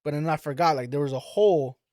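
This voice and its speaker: A man's voice: a little high, fast talker, dry recording, studio quality. A man telling a story as a podcast guest in a loose, profane way, voicing the people in it. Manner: animated, profane, acts out quoted voices. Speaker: father of daughters. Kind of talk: casual storytelling.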